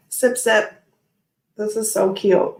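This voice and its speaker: A woman's voice: fairly high pitch, very slow, a little mellow, roomy sound. A woman hosting a casual tarot livestream, chatting and reading viewer comments aloud in a giggly, rambling way full of "like" and "okay, anyway.".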